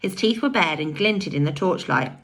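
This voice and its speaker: A woman reading a children's novel aloud with expressive storytelling. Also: lowish voice, normal speed, slightly rough. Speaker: audiobook reader.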